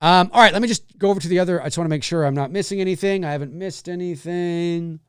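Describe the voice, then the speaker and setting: Answering viewers on a casual livestream, a man meanders and thinks aloud. He talks fast in a high, fairly bright, clean voice, recorded dry with clean studio sound.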